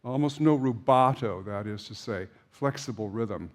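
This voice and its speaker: A man's voice: medium pitch, moderate pace. Older man giving a chatty opera lecture. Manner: chatty and anecdotal, with frequent fillers and restarts. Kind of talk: informal classroom lecture.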